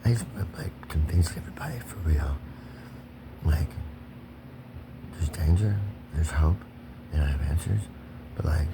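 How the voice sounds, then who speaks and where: A man's voice: low voice, normal speed, gravelly, pauses often, heavy background noise. A man ranting alone to camera, erratic and confrontational, swearing and repeating himself. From Kentucky. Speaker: vlogger. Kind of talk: solo profane rant to camera.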